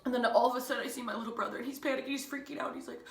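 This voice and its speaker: A young woman teacher telling a family story in a chatty, animated, self-mocking way. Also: fairly high pitch, racing, creaky. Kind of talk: casual storytelling. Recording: echoey room.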